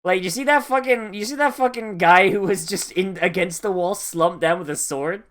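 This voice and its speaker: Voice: medium pitch, normal speed, a bit bright. Sarcastic profane anime reactor. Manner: profane, laughing, sarcastic asides. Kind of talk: casual reaction commentary.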